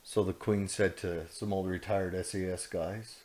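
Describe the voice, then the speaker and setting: A man's voice: low-pitched, fairly even intonation, normal speed, a little mellow. A man co-hosting a podcast, telling a story in a rambling, jokey way, often breaking into laughter. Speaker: podcast co-host. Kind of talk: casual chat.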